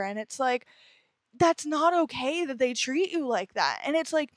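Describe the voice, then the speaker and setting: Indoors as it rains outside, a young podcast host shares a personal story in a candid, rambling way, cursing freely. She has a high, expressive voice and a measured pace, captured in a dry, clean studio sound.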